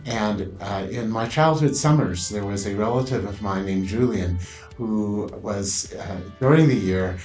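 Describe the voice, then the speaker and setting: A man telling a personal story, unhurried and pausing often, in a roomy echo over faint music. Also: on the low side, a little mellow. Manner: unhurried with frequent "uh" pauses.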